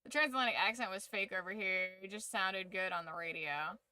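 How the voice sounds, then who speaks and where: A woman's voice: medium pitch, brisk, sharp tone, clean tone, dry recording. A woman hosting a casual livestream, giving an opinionated, profanity-laced rant. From United States. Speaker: streamer and channel host.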